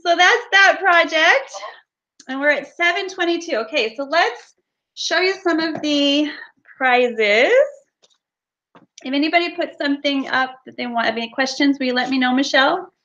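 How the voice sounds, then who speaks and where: A woman's voice: high voice, moderate pace, pushed and bright. A woman hosting a casual craft livestream, chatty and giggly as she talks and demonstrates. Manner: chatty, giggly, loose storytelling. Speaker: livestream host and soap maker. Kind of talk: casual live chat and craft demo. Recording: dull lo-fi livestream audio.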